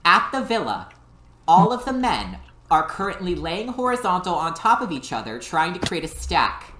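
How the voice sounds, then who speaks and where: A woman co-hosting a casual chat, telling animated stories with many "like" fillers. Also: fairly low pitch, normal speed, echoey room, background noise.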